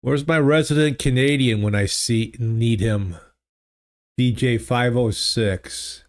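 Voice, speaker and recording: Slow-talking man musing aloud. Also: mid-range voice. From United States. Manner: musing aloud, halting and easygoing. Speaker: livestream host. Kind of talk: casual livestream chat while playing a geography game. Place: home streaming studio. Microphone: studio desk microphone.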